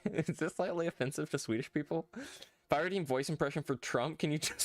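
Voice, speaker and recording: A man's voice: on the high side, moderate pace, dry recording. Rambling young-sounding male streamer, dry sound. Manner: rambling, full of "like" and "bro". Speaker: game streamer. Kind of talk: casual livestream chat.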